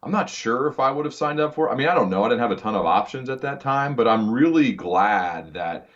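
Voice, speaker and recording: A man's voice: mid-range voice, expressive, brisk, fairly bright tone. A man hosting a podcast interview, talking earnestly and often restarting his words. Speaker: podcast host. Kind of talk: conversational interview. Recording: dull lo-fi sound.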